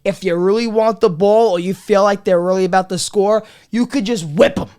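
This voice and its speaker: A comedy podcast host, ranting in a profane, rambling way that swings between loud bits and muttered asides. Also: mid-range voice, normal speed, smooth. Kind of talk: comedic rant.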